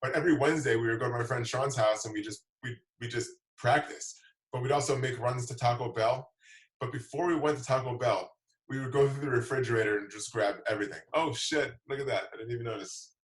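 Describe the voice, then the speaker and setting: A man's voice: mid-range voice, fast, roomy sound, recorded from a distance, rough recording. A man telling a long, rambling story in casual chat, swearing freely and repeating himself as he goes. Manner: rambling, profane, repeats words.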